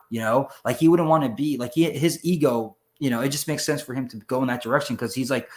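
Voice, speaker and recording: Dude rambling on a podcast, swearing nonstop, super animated. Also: male voice, mid-range voice, fast, few pauses. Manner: rambling, profane, animated, acts out character voices. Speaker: podcast guest. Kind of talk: casual chat.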